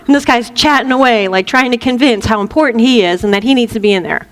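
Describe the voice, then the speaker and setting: A woman's voice: fairly high pitch, fast talker, hardly any pauses, long reverb tail. A woman minister giving a spiritual teaching talk, playful, laughing often and acting out little voices.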